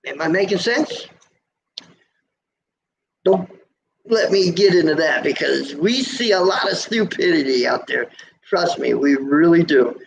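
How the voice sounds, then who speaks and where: A man's voice: on the high side, animated, unhurried, vocal fry, pauses often. A middle-aged man hosting a trucker's live stream, chatting casually, reading out viewer comments, teasing folksy and preaching about road safety. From USA. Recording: dull lo-fi live-stream audio.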